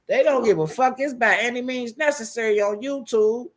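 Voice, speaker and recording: An extremely high-pitched man speaks at a moderate pace, a YouTube commentator from Washington DC ranting casually about online streamers. His storytelling is animated, profane and full of laughter, with others' quotes acted out in shifting voices.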